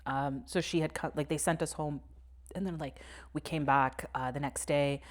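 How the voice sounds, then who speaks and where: A young adult woman co-hosting a podcast candidly recounts a personal story in casual conversation, swearing and laughing nervously. Her low voice keeps a steady tone at a moderate pace.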